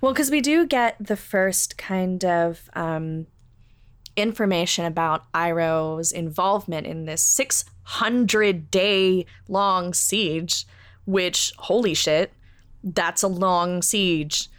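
A woman's voice: fairly low pitch, takes it slowly, clear, resonant tone, no echo. A woman co-hosting a podcast, chatting casually and animatedly with lots of fillers and laughter. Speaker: podcast co-host watching a show for the first time. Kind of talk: casual chat.

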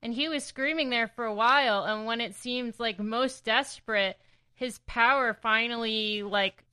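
A woman's voice: fairly high pitch, measured pace, sharp tone, smooth, rough recording. A woman co-hosting a podcast in casual chat, blunt and outspoken, swearing when she gets indignant. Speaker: podcast co-host. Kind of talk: casual comic recap chat.

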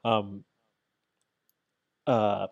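A man's voice: fairly low pitch, flat delivery, very slow, vocal fry, no echo, dull audio. A man in casual podcast chat, animatedly retelling events, acting out quotes, swearing now and then. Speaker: podcast co-host. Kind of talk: casual chat recapping wrestling.

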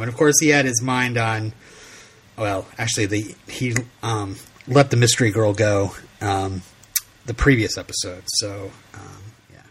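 A man's voice: medium pitch, fairly bright tone, breathy edge. A middle-aged man co-hosting a casual podcast, laughing often and retelling scenes with quoted voices. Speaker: podcast co-host. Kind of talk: casual chat.

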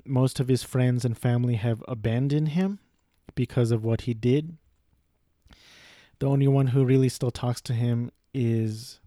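A young man talks through a film review in a loose, rambling way, full of restarts, side comments and casual swearing. His voice is dark and mellow and sits at an ordinary pitch. The sound is dry and close, with no room around it. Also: no echo. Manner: rambling, profane, frequent restarts and asides.

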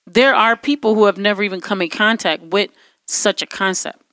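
A woman's voice: mid-range voice, normal speed, a bit bright, no echo, clean studio sound. Woman arguing her point in casual chat. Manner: questioning, argumentative, repeats "like". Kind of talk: casual conversation.

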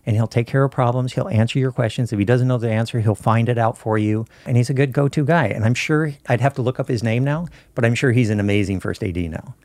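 A man's voice: mid-range voice, fast, few pauses, darkish tone, no echo. A man in a casual interview, telling film-set stories in an easygoing way and acting out the dialogue. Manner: storytelling, easygoing, acts out dialogue. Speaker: film camera crew guest.

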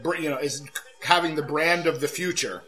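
A man's voice: on the high side, moderate pace, bright, forceful tone, faint music behind, low-quality recording. A young man hosting a casual podcast chat while watching wrestling, joking and playful. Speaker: podcast host.

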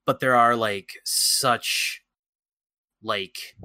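A man co-hosting a podcast, talking earnestly in casual chat, halting with many fillers. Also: mid-range voice, fairly even intonation, bright, forceful tone, no echo. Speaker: podcast co-host.

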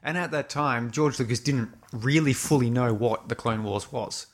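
A man in casual film-discussion chat, thoughtful and searching for words with halting repeats. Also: mid-range voice.

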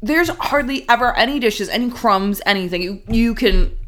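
A woman's voice: a little high, lively intonation, normal speed, a little hiss or hum. A woman co-hosting a casual podcast, talking in a loose and frank way. She swears freely and laughs easily as she grumbles about life at home. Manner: frank and profane, laughs often. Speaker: podcast co-host. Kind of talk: casual chat.

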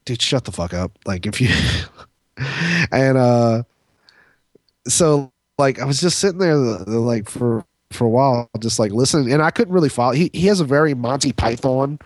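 A man's voice: mid-range voice, normal speed, darkish tone, no room sound, clean studio sound. A man co-hosting a podcast, telling a long story in a rambling, profane way, full of fillers and restarts. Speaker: podcast co-host. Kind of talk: casual storytelling chat.

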